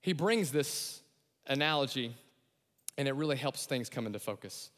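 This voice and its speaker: Animated preacher in a reverberant hall. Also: male voice, mid-range voice, normal speed. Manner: animated, acts out voices and shouts the key lines. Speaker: pastor. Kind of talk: sermon.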